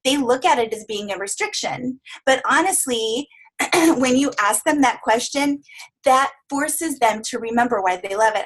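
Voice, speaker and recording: Upbeat woman coaching trainer, high voice. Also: animated, moderate pace, a bit bright. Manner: upbeat, encouraging, acts out client voices.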